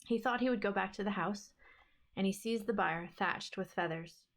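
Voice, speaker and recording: A woman reads an old fairy tale aloud in a steady, even storytelling voice. Her pitch sits in a middle range for a woman. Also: normal speed, a little hiss or hum. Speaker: book club streamer.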